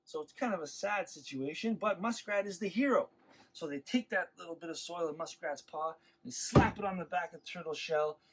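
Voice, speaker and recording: A man telling a traditional legend to schoolchildren in an animated, expressive way. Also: high-pitched, slightly rough, low-quality recording. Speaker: storyteller.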